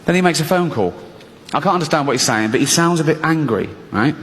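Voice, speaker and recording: A man performing a stand-up routine, animated and acting out his inner voices in shifting tones. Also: fairly high pitch, quick pace. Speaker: stand-up comedian. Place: comedy stage. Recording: large hall with audience laughter.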